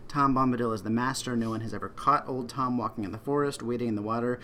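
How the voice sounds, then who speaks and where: A man reading aloud the lines of a serene, wise woman of the woods in a calm, lower voice. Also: quick pace, a little hiss or hum, natural voice. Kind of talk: reading a book passage aloud.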